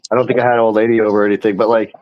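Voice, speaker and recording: A man's voice: lowish voice, level tone, rapid-fire, muffled recording. A man co-hosting a casual cannabis chat, a profane, laughing storyteller. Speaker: podcast co-host.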